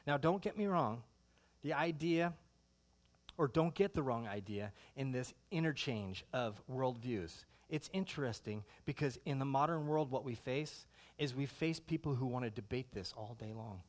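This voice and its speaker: Animated middle-aged man preaching. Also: medium pitch, moderate pace. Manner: animated, conversational, full of rhetorical questions. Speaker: pastor. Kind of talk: sermon.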